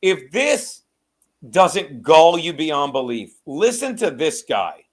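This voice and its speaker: A man's voice: on the high side, very animated, slow pace. A male host ranting about politics, swearing constantly and hammering the same phrase over and over. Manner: profane, ranting, repetitive. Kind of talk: heated political commentary.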